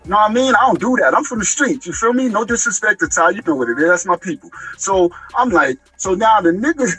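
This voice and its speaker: A man, an excitable rapper telling a story in slangy street talk and acting out the dialogue. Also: sits high, fast talker, poor audio. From Long Island, New York. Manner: excitable, slangy, acts out dialogue, many restarts. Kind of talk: animated storytelling interview.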